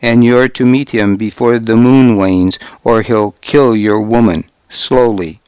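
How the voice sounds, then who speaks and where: A man voicing a wounded, broken male priest who speaks quietly and in a subdued way in an audiobook. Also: mid-range voice, steady tone, unhurried, smooth, no room sound, lightly acted, rough recording. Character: blinded, broken male priest delivering a threat.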